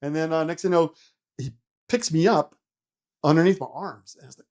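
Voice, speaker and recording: A middle-aged retired helicopter pilot tells a story in a casual interview, acting out his own panicked reactions and swearing freely. His voice is on the high side, brisk, with a darkish tone.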